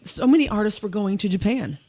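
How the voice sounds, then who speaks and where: A woman co-hosting a podcast, chatty and quick to chime in. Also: mid-range voice, animated, warm tone. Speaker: podcast co-host. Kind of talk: casual chat.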